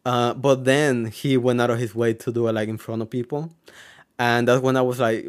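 Young man from Mexico, mid-pitched, casual vlogger, rambling and filler-heavy, swears freely. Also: fairly even intonation, moderate pace. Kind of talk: casual storytelling to camera.

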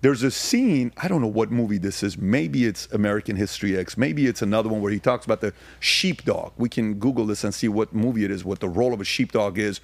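Low-voiced man, emphatic podcast guest. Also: quick pace, creaky, few pauses, dry recording. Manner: grows emphatic and rhetorical, firing questions; frequent fillers and restarts. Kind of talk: casual conversation, storytelling.

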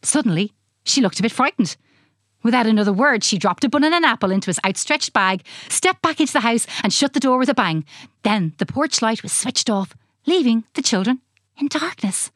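A woman reading a children's storybook aloud in an expressive, animated way. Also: a little high, brisk, no echo, clean studio sound.

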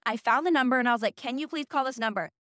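Young woman, early twenties, high-pitched, dry close sound, animated, swears freely, self-mocking storyteller. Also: rapid-fire, dry recording. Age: early 20s. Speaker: podcast host. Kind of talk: casual storytelling monologue.

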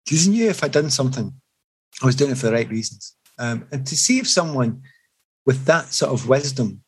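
Husky middle-aged guy, ex-footballer telling stories in an interview. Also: medium pitch, brisk, poor audio. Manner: reflective, animated anecdotes with restarts. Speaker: former footballer guest. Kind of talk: storytelling in an interview.

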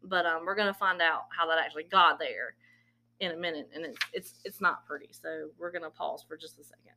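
A woman's voice: sits low, fairly quick. A woman hosting a podcast, casually retelling events and slipping into quoted dialogue. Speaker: podcast host. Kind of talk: casual true-crime storytelling.

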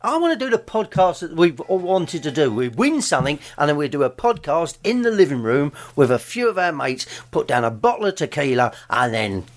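A man from England, co-hosting a casual football podcast, excitable and jokey, laughing often. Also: on the high side, a little fast, few pauses. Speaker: podcast co-host.

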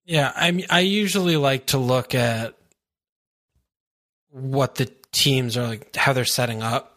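Man, tired, podcast co-host, easygoing casual chat, bright voice, mid pitch. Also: a little slow. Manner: easygoing, many fillers like "you know" and "yeah".

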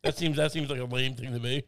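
A man's voice: mid-range voice, fairly even intonation, normal speed. A young man co-hosting a casual comedic podcast chat, rambling with stammered restarts and silly put-on voices. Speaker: podcast co-host.

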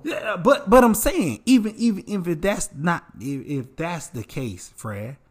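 Animated preachy man, slightly high voice. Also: measured pace. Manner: animated, preachy, addresses listeners as bro and y'all. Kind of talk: casual advice talk.

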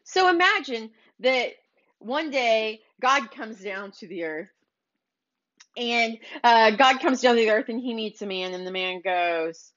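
On her motivational business podcast, this host urges listeners in a preachy manner, circling back to the same phrases. She sounds a little high, expressive and unhurried, with a fairly bright tone, captured on a slightly dull lo-fi recording.

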